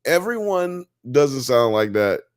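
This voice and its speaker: Animated man hosting a live show. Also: medium pitch, slow pace, clean tone, no room sound, clean studio sound. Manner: animated, slangy, joking. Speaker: podcast host. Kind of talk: casual live-stream chat.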